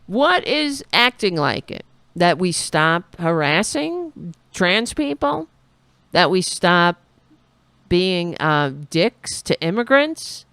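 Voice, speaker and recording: A woman's voice: on the low side, very animated, slow, a bit bright, clear, resonant tone, dry recording. A woman hosting a political talk show, giving sarcastic, rambling live commentary on a speech.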